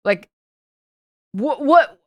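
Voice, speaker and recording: A woman's voice: sits high, expressive, extremely slow, dry recording, highs cut off. A young woman streamer reacting heatedly on a live stream, profane and full of stumbling restarts.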